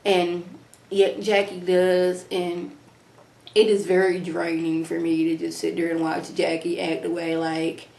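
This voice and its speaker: A young woman giving a casual, animated episode review to camera at home, breaking into mocking impressions. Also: on the low side. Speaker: reality TV reviewer. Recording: echoey room.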